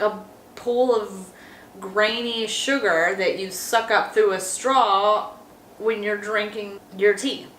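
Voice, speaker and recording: Bright, slow-talking opinionated woman vlogger. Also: fairly high pitch. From Texas. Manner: chatty and opinionated, addresses viewers as guys. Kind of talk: casual chat to camera. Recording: echoey room with faint background noise.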